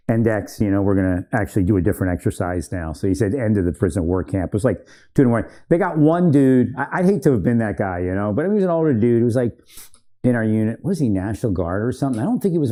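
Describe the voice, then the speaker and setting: Fairly low and dark in tone, this man's voice is sing-song and fast as he casually recounts army training memories. He rambles, laughs frequently, and catches and corrects himself.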